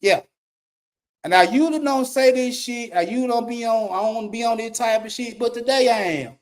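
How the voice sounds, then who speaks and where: A man's voice: very high voice, fairly quick. A middle-aged man, a YouTube commentator giving a blunt, profane rant and repeating his points for emphasis. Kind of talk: ranting monologue.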